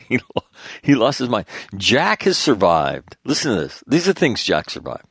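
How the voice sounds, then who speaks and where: Low-voiced man telling rambling stories. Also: vocal fry, no room sound, clean studio sound. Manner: rambling, animated storytelling with laughs. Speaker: show host. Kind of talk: casual talk show monologue.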